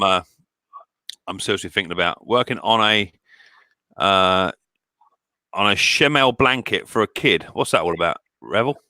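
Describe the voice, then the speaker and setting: A British man with a husky, fairly low voice chats on a live stream from his workshop shed. He talks in a rambling, easygoing way, full of restarts and fillers. His tone is bright and forward, and the close mic sounds completely dry. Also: no echo. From Britain. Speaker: live stream host, mower repairer. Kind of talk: casual live stream chat. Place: small cold workshop shed.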